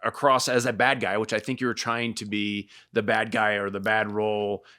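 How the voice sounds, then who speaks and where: A male podcast host with a bright, forceful tone sitting on a lowish pitch. He talks eagerly in a casual interview and keeps affirming his guest. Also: little pitch movement, normal speed.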